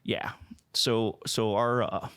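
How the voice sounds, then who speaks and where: A man's voice: fairly low pitch, slow pace, clean tone, dry recording, clean studio sound. A man, a company president, telling a long business story in casual conversation, restarting sentences and repeating words as he goes. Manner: animated when retelling others' words. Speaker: company president, interview guest.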